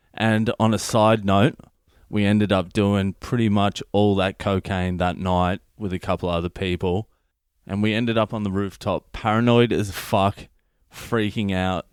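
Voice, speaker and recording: A man with an Australian accent, a comedian telling a wild story in a profane, animated monologue. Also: lowish voice, a little slow, smooth, no echo, studio quality. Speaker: comedian and podcast host.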